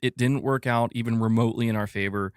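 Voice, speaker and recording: A man's voice: mid-range voice, fast, clean tone, no echo, studio quality. A man hosting a gaming news live stream, chatting casually and reading viewer comments. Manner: animated, talks to chat, reads comments aloud. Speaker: podcast host.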